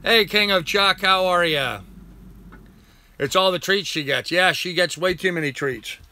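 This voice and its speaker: A man's voice: sits high, unhurried, bright, forceful tone. An older man hosting a casual live chat from home. He rambles, thanks viewers by name and coos at his dog. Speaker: live-stream host.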